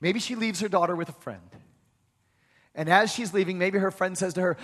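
A man's voice: sits high, normal speed, a bit bright. A man preaching a sermon, building to emphatic peaks and repeating key phrases. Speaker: pastor. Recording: long hall reverb.

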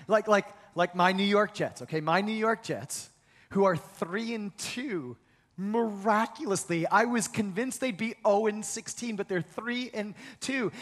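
A middle-aged man preaching a sermon as pastor, telling stories animatedly and sinking to a soft hush at times. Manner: animated storytelling with big pitch swings, dropping to a soft hush for comforting lines. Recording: long reverb of a large hall.

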